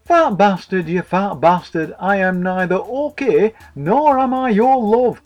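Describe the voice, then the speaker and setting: A man voicing a prim, shaken vicar's wife in a high, quavering falsetto with a stutter. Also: unhurried, lo-fi sound, soft background music. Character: prim elderly vicar's wife, shocked and stiff.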